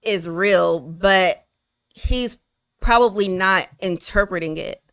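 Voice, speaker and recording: A woman's voice: mid-range voice, takes it slowly, a bit bright, dry recording, studio quality. A woman guest on a podcast, candidly telling her life story in casual talk, leaning on "like" as she goes. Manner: open storytelling, many "like" fillers. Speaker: podcast guest, spiritual consultant.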